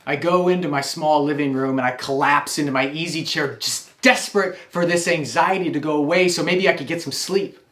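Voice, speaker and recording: A man's voice: fairly high pitch, fairly bright tone, reverberant. A man telling a wry, confessional personal story.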